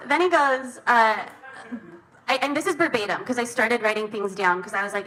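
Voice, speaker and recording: A female comedian tells a dating story on stage in a chatty, self-deprecating way. Her voice sits a little high. The live recording carries clear crowd noise. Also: expressive, normal speed. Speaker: stand-up comedian. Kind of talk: stand-up storytelling. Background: audience laughter.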